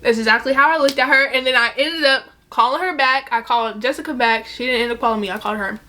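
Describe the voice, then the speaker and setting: Young woman spilling a storytime, kinda high voice, swears a lot, acts out everyone. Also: fast talker, a little hiss or hum. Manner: animated, profane, quotes others in bursts. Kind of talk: casual storytime.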